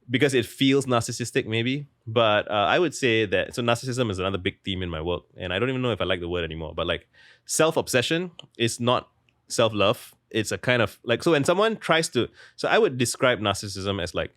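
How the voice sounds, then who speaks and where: Low-voiced young man, a chatty interview guest who rambles with constant "like" fillers, recorded dry and close. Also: fairly bright tone, no room sound. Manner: rambling, heavy use of "like", restarts mid-thought. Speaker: guest author. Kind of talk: casual interview talk.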